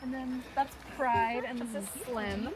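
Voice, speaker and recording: Woman, musher, slightly high voice, friendly and plain, loud outdoor noise. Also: fairly even intonation, a little slow. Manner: friendly, matter-of-fact. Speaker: musher, dog handler. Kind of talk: casual guided introduction. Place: outdoor sled dog camp. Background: dogs, outdoor ambience.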